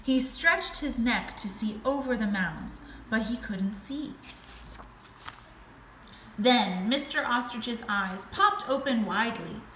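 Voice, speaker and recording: Woman teacher reading a storybook aloud to a class, bright voice, echoey room, faint hiss. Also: fairly high pitch. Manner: slow, expressive reading.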